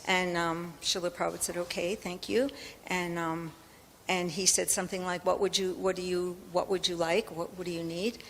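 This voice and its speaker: A woman's voice: on the low side, level tone, normal speed. An older woman telling a personal story on a panel, chatty with many ums, laughing as she goes. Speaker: panel speaker. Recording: reverberant hall with faint noise.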